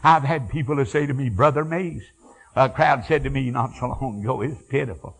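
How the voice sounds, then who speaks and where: Male evangelist, husky, higher voice, fiery revival preaching with storytelling. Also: poor audio. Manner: shouting bursts, drawn-out exclamations, folksy asides.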